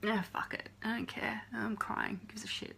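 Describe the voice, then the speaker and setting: An actress playing a young YouTuber with depression, who talks in a halting, filler-heavy way and swears often. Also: female voice, medium pitch, level tone, vocal fry, bright, forceful tone, a little hiss or hum. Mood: angry. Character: young woman YouTuber, depressed, bullied by trolls. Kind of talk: confessional vlog monologue in a short film.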